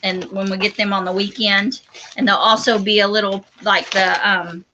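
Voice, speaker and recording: A woman's voice: mid-range voice, level tone, moderate pace, pushed and bright, highs cut off, a little hiss or hum. A woman co-hosting a homestead livestream, chatty and agreeable, chiming in often. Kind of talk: casual live-stream chat.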